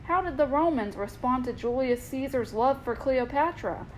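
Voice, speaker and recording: A middle-aged history teacher, played by a woman, quizzes and cautions his class in a helpful tone. The voice sits a little raised and clear in a storybook reading. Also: sits high, animated, normal speed, slight background noise, low-quality recording. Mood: stern-helpful. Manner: helpful, warning.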